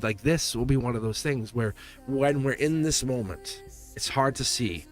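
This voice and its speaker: A man's voice: medium pitch, moderate pace, faint music behind. Earnest rambling male tarot reader. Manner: earnest, reassuring, rambling with restarts. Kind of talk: live tarot reading.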